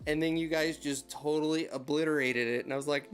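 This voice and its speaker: Faint music plays as an American heavy equipment operator and YouTube host takes questions on a casual desk live stream. He greets viewers by name and wanders through anecdotes in a smooth, brisk, steady voice that sits on the high side.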